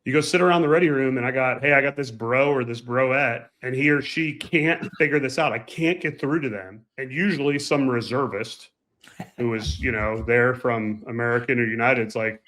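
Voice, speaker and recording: A man co-hosting a casual podcast, telling emphatic, animated anecdotes about flying. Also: mid-range voice, moderate pace. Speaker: podcast co-host and pilot. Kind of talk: casual chat, storytelling.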